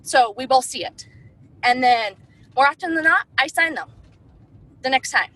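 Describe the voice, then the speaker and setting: Bright, chatty woman full of fillers. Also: high voice, animated, moderate pace, low-quality recording. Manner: chatty, heavy use of "like" and "um". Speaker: direct sales distributor. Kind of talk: casual sales-tips talk.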